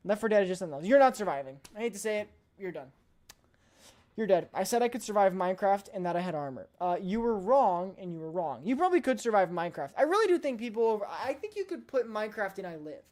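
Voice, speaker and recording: A woman's voice: mid-range voice, very animated, quick pace, a little mellow. Blunt, emphatic woman streamer. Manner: emphatic, playfully blunt, repeats points. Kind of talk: casual live-stream chat.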